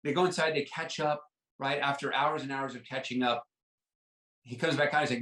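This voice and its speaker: A man's voice: mid-range voice, steady tone, fairly quick, pushed and bright, reverberant, far from the mic, poor audio. A man guest in a podcast interview, earnestly telling a personal story and often repeating himself with fillers like "like" and "right?".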